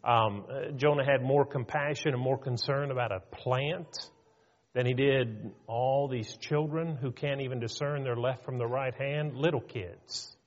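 A man's voice: medium pitch, fairly even intonation, measured pace. A man preaching a sermon with earnest emphasis and rhetorical questions, in a church hall. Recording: reverberant hall, dull lo-fi.

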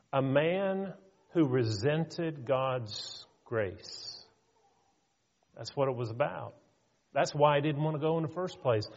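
An earnest man preaching a sermon in a mid-pitched voice, emphatic and full of rhetorical questions. His voice rings with a long hall reverb, and the recording sounds dull and lo-fi.

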